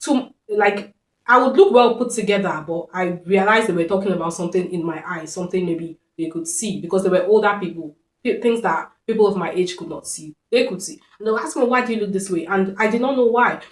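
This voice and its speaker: A woman's voice: medium pitch, fairly quick. Earnest woman in a roomy space. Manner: earnest, reflective, repeats phrases for emphasis. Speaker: vlogger. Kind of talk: personal storytelling to camera. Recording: roomy echo.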